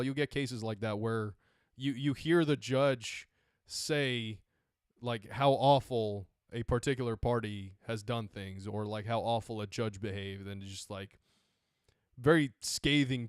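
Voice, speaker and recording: A man's voice: mid-range voice, unhurried, clear, resonant tone, no room sound, studio quality. A man on a podcast casually retelling court cases, rambling, correcting himself and dropping sarcastic asides. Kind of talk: casual chat.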